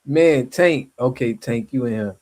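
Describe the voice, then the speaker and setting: A man hosting a live stream, chatting casually with viewers and callers in a relaxed, slangy way. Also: mid-range voice, measured pace. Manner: laid-back, slangy, affirming.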